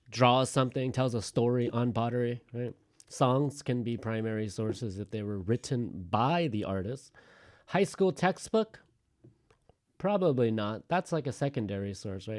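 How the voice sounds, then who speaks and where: A male teacher giving a relaxed, chatty lecture to his class, with joking asides and thinking out loud as he goes. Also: mid-range voice.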